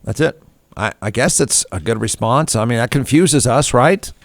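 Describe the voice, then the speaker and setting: A radio host delivers a comedic talk show rant, snarky and irreverent, laughing at his own jokes. His mid-range voice is animated and creaky at a normal speed, with no room sound.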